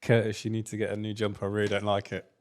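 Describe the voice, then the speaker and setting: A man's voice: on the low side, completely flat delivery, rapid-fire. A man co-hosting a podcast, asking short and direct questions out of curiosity. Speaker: podcast co-host. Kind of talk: casual interview chat.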